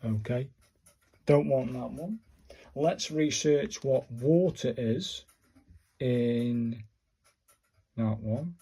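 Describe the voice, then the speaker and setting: Slow chatty man. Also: medium pitch, dark tone, breathy edge. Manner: chatty, self-questioning, talks to viewers. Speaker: vlogger learning calligraphy. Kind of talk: casual thinking-aloud tutorial.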